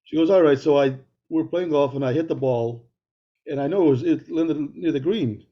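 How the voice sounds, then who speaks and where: A man's voice: fairly high pitch, normal speed, muffled recording. A middle-aged man co-hosting a podcast, telling a rambling story in casual chat. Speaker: podcast co-host.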